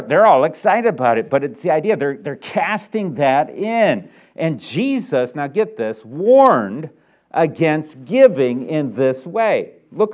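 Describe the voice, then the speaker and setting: A man preaching in a church with a lively, swooping delivery and a fairly high voice. He acts out the scene he describes, with sound effects and put-on voices. The recording is dull and lo-fi. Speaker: pastor. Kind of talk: sermon.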